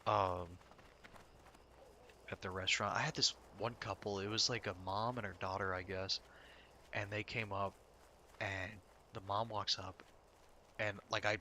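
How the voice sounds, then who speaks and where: A man's voice: fairly low pitch, steady tone, measured pace, long pauses, bright, forceful tone, a little hiss or hum. A man telling a rambling, profane story with frequent laughter while playing a game. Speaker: streamer. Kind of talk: casual storytelling while gaming.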